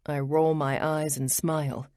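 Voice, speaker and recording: Woman reading a romance book first person, low voice, slow, dry close sound. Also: flat delivery, darkish tone, no echo. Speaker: audiobook narrator.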